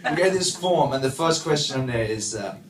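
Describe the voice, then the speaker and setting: A man from Sweden, doing a stand-up comedy set with deadpan asides and quick punchlines. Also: fairly high pitch, distant mic, noisy background. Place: comedy club stage. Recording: echoey club mic from afar, crowd laughter. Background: audience laughter.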